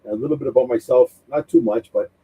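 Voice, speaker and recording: A man in his fifties with a thick Boston accent, a retired police officer being interviewed. His voice is very dark and a little husky, and he talks in a relaxed, chatty way, making light of himself. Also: medium pitch, fast, low-quality recording. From Massachusetts. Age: 50s. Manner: relaxed, chatty, self-deprecating. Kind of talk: interview storytelling.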